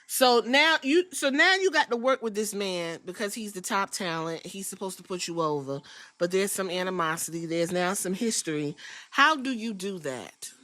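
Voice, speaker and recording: A woman hosts a podcast and talks through a story she finds absurd. Her delivery is blunt, profane and incredulous, at an ordinary middle pitch. The sound is dry and close, with no room around it. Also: expressive, moderate pace, sharp tone, no room sound. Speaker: podcast host. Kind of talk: casual commentary on a clip.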